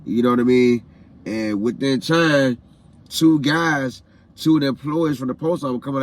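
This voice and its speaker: Man, grieving vlogger, recounts loss in a heartfelt, looping way, phrases said over and over, mid-pitched voice. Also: fairly even intonation, moderate pace. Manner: repetitive, heartfelt retelling with phrases said again and again; emotional, grieving. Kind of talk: personal storytelling vlog.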